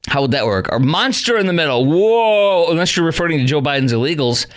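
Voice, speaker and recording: A man's voice: fairly high pitch, animated, fast talker, fairly bright tone. A middle-aged man hosting a call-in talk radio show, sarcastic and exasperated, scoffing at what he reads out.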